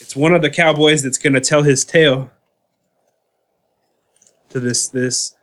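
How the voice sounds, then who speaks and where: A man co-hosting a movie watch-along, trading deadpan jokes and mock fun facts. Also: fairly high pitch, a little slow. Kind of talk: casual chat over a movie. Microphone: remote online connection. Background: film soundtrack music.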